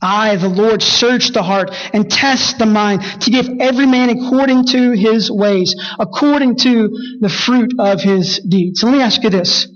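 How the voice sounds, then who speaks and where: A man's voice: fairly bright tone, highs cut off. A man preaching a sermon, reading scripture and rising sharply when he rebukes. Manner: preaching, rises high and fast when rebuking. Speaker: pastor.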